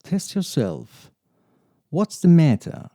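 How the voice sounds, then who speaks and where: A man reads short lesson phrases slowly and with care. His voice is very dark and gravelly, and his pitch rises and falls a lot. It sounds close and dry, with no room around it. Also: sing-song, no room sound. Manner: slow, deliberate drill reading. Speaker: English teacher. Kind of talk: slow scripted reading of example sentences.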